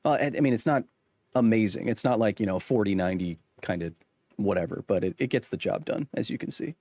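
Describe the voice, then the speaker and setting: A man chatting casually on a live stream, rambling and cutting himself off, quick to laugh. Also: fairly low pitch, a little mellow, no echo.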